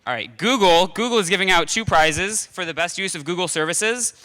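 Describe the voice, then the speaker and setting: A man emceeing an awards segment, brisk and businesslike. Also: high voice, lively intonation, pushed and bright, big-room sound. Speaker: event organizer and emcee.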